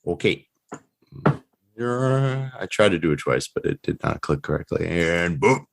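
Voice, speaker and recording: A man playing a tabletop game, deliberate and wry. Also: low voice, sing-song, creaky. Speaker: player.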